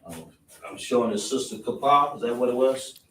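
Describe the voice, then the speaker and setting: A man's voice: medium pitch, expressive, fairly quick, a bit bright, a little hiss or hum. Echoey distant male teacher quizzing a class. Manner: repetitive, question-and-answer teaching style. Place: classroom with a board.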